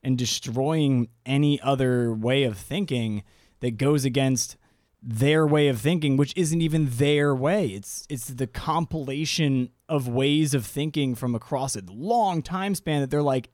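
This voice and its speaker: A man's voice: medium pitch, a little slow, darkish tone, no room sound, clean studio sound. Rambling, profane man on a podcast. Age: 30s. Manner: loose, profane, rambling with restarts. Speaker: podcast co-host. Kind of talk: casual podcast chat.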